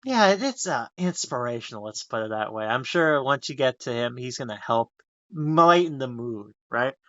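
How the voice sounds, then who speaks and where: A young man with a bright, forceful voice hosts a casual podcast, rambling and laughing as he recaps a story. The sound is dry and close, with a slightly dull, muffled tone. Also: mid-range voice, lively intonation, moderate pace, no room sound. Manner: rambling, laughs often, acts out character voices. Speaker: podcast host.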